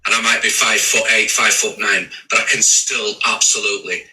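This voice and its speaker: A man rants on a livestream, heated and profane, and keeps stumbling into restarts. His tone is very bright, and he sits a little back from the microphone. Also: lowish voice, little pitch movement, normal speed, far from the mic, poor audio. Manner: swearing, trading insults, stammering restarts. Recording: voice a bit off-mic.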